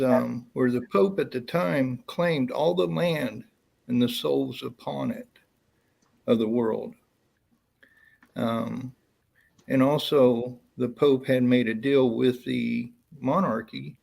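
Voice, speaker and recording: A man on a call speaking in a halting way, with many pauses and ums. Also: medium pitch, creaky, a little mellow. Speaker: call-in guest. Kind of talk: casual call-in chat.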